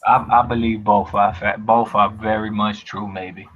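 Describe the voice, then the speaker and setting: A man co-hosting a casual fight chat, ranting with lots of swearing and animated emphasis. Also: fairly low pitch, unhurried, slightly rough. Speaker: co-host. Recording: lo-fi dull audio.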